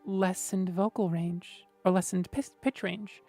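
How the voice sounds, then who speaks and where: A woman hosting a relaxed livestream, talking through voice technique at an unhurried, slow pace. Her tone is low and mellow, gentle and thoughtful, with soft music playing faintly underneath. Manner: gentle, thoughtful, explaining, often adds "right?". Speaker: streamer host. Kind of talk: casual livestream chat about voice technique.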